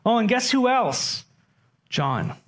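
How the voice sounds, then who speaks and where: A man's voice: extremely high pitch, very animated, slow pace, fairly bright tone. A man preaching a sermon as pastor, talking conversationally and putting questions to his congregation.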